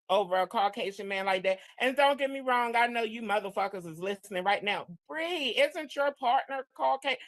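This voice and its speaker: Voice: medium pitch, fairly bright tone, no room sound. A panelist in casual chat, blunt and profane.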